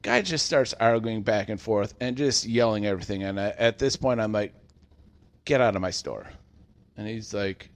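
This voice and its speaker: A man with a somewhat low voice tells a workplace story in a relaxed podcast chat. He acts out what people said, getting loud for the quotes. He sounds to be in his thirties. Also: normal speed, gravelly. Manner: animated storyteller acting out quotes. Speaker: podcast co-host telling a work story.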